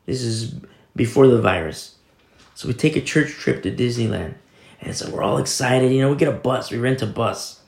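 Here a pastor speaks at an ordinary pace in a medium-pitched voice, a little mellow and touched with vocal fry. He preaches conversationally, telling stories and quoting scripture as he reads. The recording has a reverberant quality.

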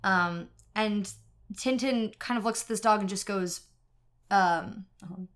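A woman's voice: medium pitch, measured pace, fairly bright tone. A woman in a casual book discussion, easygoing and rambling, with plenty of fillers.

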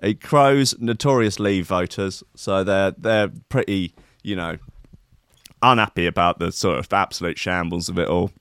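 A man's voice: low-pitched, moderate pace, fairly bright tone, clear, resonant tone, no room sound. A man hosting a comic show, riffing on odd news stories in a rambling, sardonic, sweary way. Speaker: host. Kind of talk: comic commentary on news clips.

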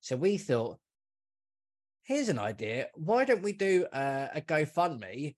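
A man with a fairly high, sing-song voice speaks slowly as a podcast guest, chatting casually about football. He swears freely and calls the listener "mate" and "man."

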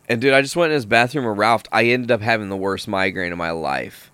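A man with a fairly low voice tells stories on a podcast in a loose, swearing, animated way. The sound is close and dry. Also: fast, few pauses, clear, resonant tone, no room sound. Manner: casual, profane, animated storytelling. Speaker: podcast host. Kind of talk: casual podcast chat, storytelling.

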